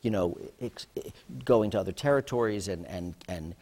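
A man's voice: sits low, normal speed, a little mellow, big-room sound. A man, a theater producer, speaking thoughtfully in a panel discussion.

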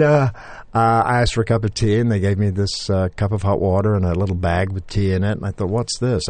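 A man's voice: on the low side, a little mellow, no echo. An older man from England, now with an American accent, telling stories in an interview with many fillers and restarts. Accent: General American. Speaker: interview guest. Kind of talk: conversational interview.

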